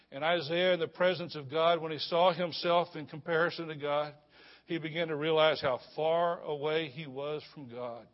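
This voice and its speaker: A man preaching a sermon as a pastor, swinging between loud proclamation and hushed, low confiding. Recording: muffled sound with long hall reverb.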